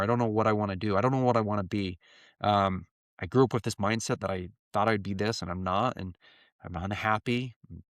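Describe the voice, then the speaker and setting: A man's voice: fairly low pitch, no echo, clean studio sound. A man in his thirties hosting a podcast in a casual solo monologue, talking earnestly and rambling with many fillers. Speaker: podcast host.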